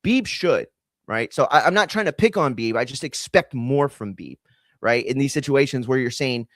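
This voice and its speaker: A man's voice: medium pitch, animated, normal speed, fairly bright tone, no echo. Fired-up profane man ranting. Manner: heated, profane, rambling with many fillers. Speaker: combat sports podcast host. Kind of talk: casual opinion rant.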